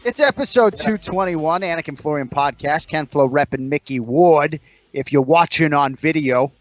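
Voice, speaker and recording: A man's voice: fairly high pitch, normal speed, dry recording, faint music behind. A man hosting a podcast in casual, joking chat, swearing freely and rambling. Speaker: podcast host.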